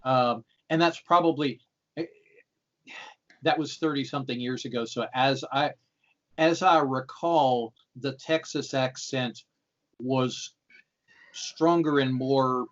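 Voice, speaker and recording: A man's voice: medium pitch, slow pace, pauses often, fairly bright tone. Rambling American man on a dull call. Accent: General American. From United States. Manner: rambling with restarts and laughs. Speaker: guest game designer. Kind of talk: casual video call chat. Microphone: video call. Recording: slightly dull video call audio.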